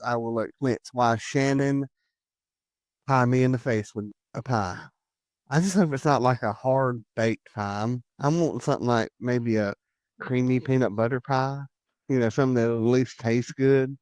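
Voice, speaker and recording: A man's voice: mid-range voice, smooth, dry recording. A man hosting a podcast, chatting casually, joking and laughing often. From United States. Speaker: podcast host. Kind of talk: casual chat.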